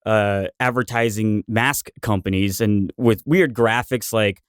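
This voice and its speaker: A man's voice: fairly low pitch, measured pace, clear, resonant tone, dry recording, studio quality. A man who is a podcast guest, telling a rambling story in casual chat.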